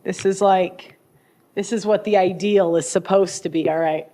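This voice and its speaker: A woman's voice: medium pitch, steady tone, normal speed, dark tone. A young adult woman hosting her own show, giving blunt opinionated commentary in a casual way, often laughing and restarting her sentences. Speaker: host.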